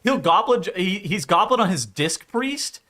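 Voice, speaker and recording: Animated, bright-voiced streamer guy. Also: high-pitched, normal speed. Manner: profane, rambling, laughs often. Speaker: game streamer. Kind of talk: casual chat on a stream.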